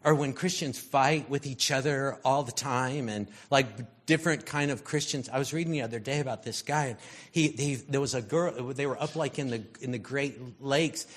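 A man's voice: medium pitch, normal speed. A man giving a conversational sermon, telling stories in a loose, rambling way with lots of fillers. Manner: rambling, storytelling, frequent fillers. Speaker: preacher.

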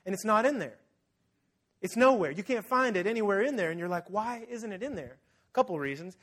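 A man's voice: sits high, fast. A man preaching a sermon, telling the story vividly, acting out scenes and speaking straight to his congregation. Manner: lively storytelling, acts out scenes; addresses the congregation directly. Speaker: pastor.

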